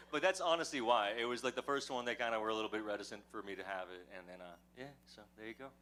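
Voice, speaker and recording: Folksy Texan man, bright voice. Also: on the low side, quick pace, a little hiss or hum. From West Texas. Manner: folksy, jokey, drawling storyteller. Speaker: actor on a convention panel. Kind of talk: live fan convention panel.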